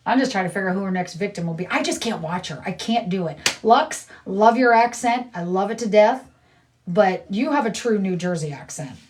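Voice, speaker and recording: A woman's voice: medium pitch, expressive, brisk, a little mellow, recorded from a distance, slight background noise. A middle-aged woman livestreaming, chatting casually in a blunt, rambling way and repeating herself.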